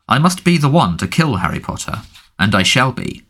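A cold, menacing dark lord, as a male audiobook reader puts him on, speaking in a soft, thoughtful hiss. The voice sits raised and bright, with a lively, swooping delivery. Every quiet word carries threat. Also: mid-range voice, moderate pace, slightly rough, pitched above the performer's own voice, exaggerated voice. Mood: cold menace. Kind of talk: audiobook character reading.

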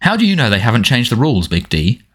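A man's voice: mid-range voice, very animated, fast talker, a bit bright, breathy edge. A man doing a mocking teenage boy. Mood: taunting. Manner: mocking, sardonic. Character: sarcastic teenage boy, defiant and needling.

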